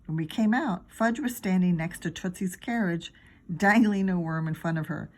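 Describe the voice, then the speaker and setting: A woman teacher reading a children's chapter book aloud, expressive and acting out the characters. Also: fairly low pitch, normal speed. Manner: expressive, acts out each character.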